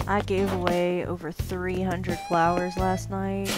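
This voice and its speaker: A woman's voice: lowish voice, little pitch movement, a little slow, few pauses, loud music behind the voice. A woman hosting a gaming video, chatting casually and rambling upbeat while she plays. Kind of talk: casual gameplay commentary.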